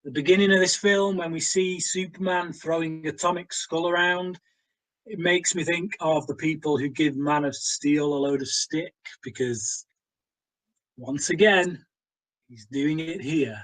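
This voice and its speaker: A man talks through a film review at an unhurried pace. He is blunt and exasperated, filling gaps with "um" and restarts as he picks the film apart. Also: a little high, a bit bright, low-quality recording. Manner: blunt, exasperated critic with many fillers. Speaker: co-host of a film review show. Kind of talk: casual film review chat.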